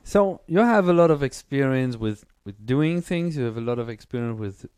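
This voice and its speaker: A man's voice: mid-range voice, expressive, darkish tone, clear, resonant tone, no room sound. A man interviewing a guest in a casual conversation, asking long questions hesitantly and joking at his own expense. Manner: unhurried, hesitant questions, self-deprecating.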